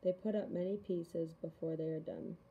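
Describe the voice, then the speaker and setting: A woman reading a children's novel aloud in a calm, even narration. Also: fairly low pitch, normal speed, muffled recording. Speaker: reader. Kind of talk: storybook read-aloud.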